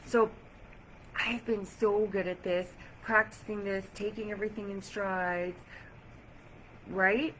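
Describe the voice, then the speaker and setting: A woman vlogging to camera, chatty and animated as she retells an irritating day, with lots of "like". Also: mid-range voice, slow, pauses often, a little hiss or hum, poor audio. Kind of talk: casual storytelling to camera. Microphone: camera or phone mic.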